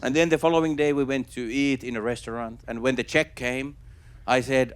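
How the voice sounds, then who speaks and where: A man doing a stand-up comedy set on stage before a live audience. He talks haltingly, with many restarts and fillers. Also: medium pitch, fairly even intonation, clean tone. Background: audience laughter.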